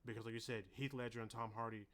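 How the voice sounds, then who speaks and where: A man co-hosting a podcast in casual chat, animated and profane, often acting out quotes loudly. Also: mid-range voice, quick pace. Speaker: podcast co-host.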